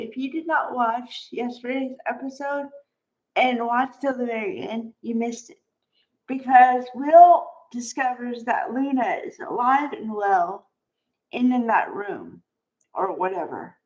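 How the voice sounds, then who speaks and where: A woman's voice: high-pitched, lo-fi sound. A woman casually recapping a soap opera episode, chatty and exclamatory, acting out the characters' lines. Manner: chatty, exclamatory, acts out quotes.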